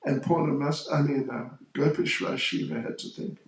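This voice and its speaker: A man telling a sacred story as a monk, in an unhurried, chatty devotional talk with a somewhat high voice. His words ring through a very echoey hall. The mic sits well away from him. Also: fairly even intonation, creaky, recorded from a distance. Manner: unhurried, chatty, aside-filled.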